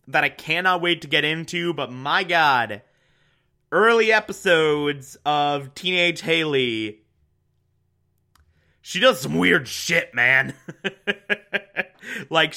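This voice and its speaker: A man's voice: high-pitched, sharp tone. A man casually recapping a TV episode, chatty, laughing often and swearing.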